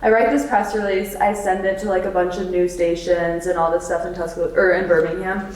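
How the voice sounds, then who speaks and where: A young woman earnestly recounts a work achievement in relaxed conversation. She sounds far from the mic, and a strong room echo hangs on her voice. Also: fairly low pitch, a little fast. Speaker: PR intern guest. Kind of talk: casual podcast chat. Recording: echoey, from a distance.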